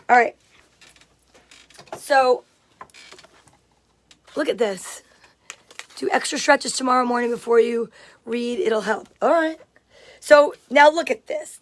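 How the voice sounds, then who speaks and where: Chatty high-voiced woman livestreaming. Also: a bit bright. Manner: chatty, greets viewers by name, reads comments aloud. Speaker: livestream host. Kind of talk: casual livestream chat.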